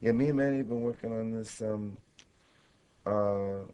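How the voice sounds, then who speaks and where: A man in his thirties, a guest on a radio interview, talking in a reflective, halting way with many fillers. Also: fairly low pitch, warm tone, clean tone, low-quality recording. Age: 30s. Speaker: guest musician. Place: radio studio.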